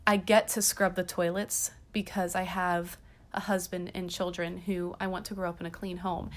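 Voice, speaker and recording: A woman's voice: fairly low pitch, level tone, normal speed. Rambling chatty woman podcaster. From half Irish. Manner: chatty, rambling, frequent ums. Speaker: podcast host. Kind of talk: casual chat.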